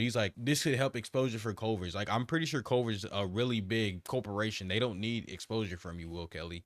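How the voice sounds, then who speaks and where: A man's voice: on the low side, no room sound, studio quality. A man hosting a casual reaction video, rambling and mocking in slangy talk. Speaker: commentary host.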